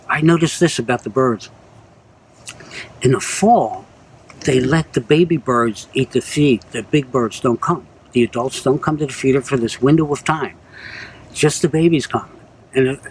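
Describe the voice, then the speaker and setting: A man's voice: mid-range voice, a little hiss or hum, rough recording. A man speaking in a rambling, earnest casual monologue to his viewers. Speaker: vlogger.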